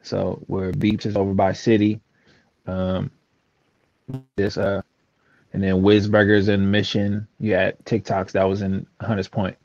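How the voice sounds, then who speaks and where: A man's voice: low-pitched, monotone, a little slow, pauses often, darkish tone, no echo. A man in a casual chat, rambling and hesitant with many fillers. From San Francisco. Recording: dull lo-fi sound.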